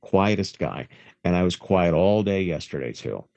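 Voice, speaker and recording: A hoarse, sick-sounding man on a phone call, telling crude rambling stories in casual podcast chat. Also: deep voice, lively intonation, normal speed, darkish tone, dry recording. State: hoarse from illness. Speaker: podcast co-host.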